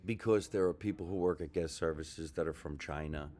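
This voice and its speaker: A male comedian hosting a casual podcast from a ship lounge before a show. He talks enthusiastically and keeps asking questions, in a somewhat low voice. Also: fairly quick, mellow.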